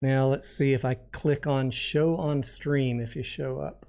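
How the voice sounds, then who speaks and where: A man's voice: medium pitch, fairly even intonation, measured pace, a little mellow. A man hosting a casual livestream, chatting and joking while reading viewer comments aloud. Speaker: livestream host.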